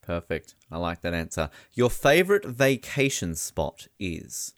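A man's voice: sits low, sing-song, a little slow, dry recording, clean studio sound. A man hosting an interview, chatty and joking, calling his guest "mate". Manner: chatty, jokey, says "mate". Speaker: interview host. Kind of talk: casual interview chat.

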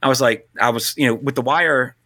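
A man co-hosting a casual film talk, blunt and animated, swearing now and then. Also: mid-range voice, brisk. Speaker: podcast co-host.

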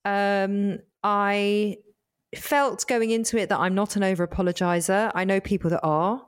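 A middle-aged woman co-hosting a podcast in casual chat, earnest and reflective, slowing down to make her points. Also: mid-range voice, fairly even intonation, clean tone. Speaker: podcast co-host.

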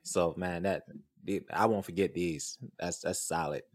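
A man's voice: sits low, steady tone, unhurried. A man co-hosting a podcast, joking and laid-back in casual chat. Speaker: podcast co-host.

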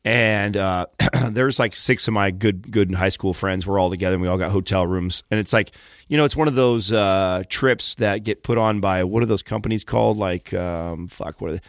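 A man's voice: fairly low pitch, moderate pace, no room sound, clean studio sound. A man in casual podcast chat, telling a rambling story with fillers and swearing.

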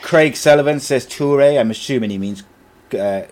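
A man's voice: medium pitch, moderate pace, noisy background. A man hosting a podcast, chatting casually about football and reading out listener comments. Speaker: podcast host.

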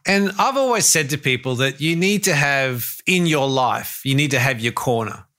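Bright-voiced male host. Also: medium pitch, animated, moderate pace. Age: middle-aged. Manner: enthusiastic, builds up questions at length. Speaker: podcast host. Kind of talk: interview conversation.

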